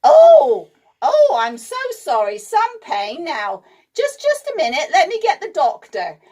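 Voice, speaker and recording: A fussing old nurse from a children's storybook, her voice flying up high in drawn-out wails of worry, as a woman reads her aloud. Every word comes out flustered and dramatic. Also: huge pitch swings, mellow, full character voice. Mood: fretting.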